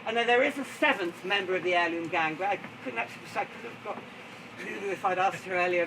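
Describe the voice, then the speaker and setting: A man's voice: high-pitched, fast. A man giving a chatty, theatrical live storytelling performance at an outdoor garden event, often breaking into laughter. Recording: distant, noisy outdoor recording.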